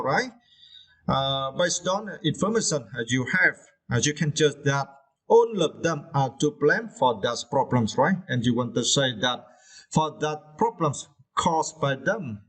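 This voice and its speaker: A man teaching an English vocabulary lesson. His voice sits fairly high for a man. He talks with frequent fillers and keeps checking in with "right?". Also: fairly bright tone. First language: Vietnamese. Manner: hesitant, many fillers and tag questions.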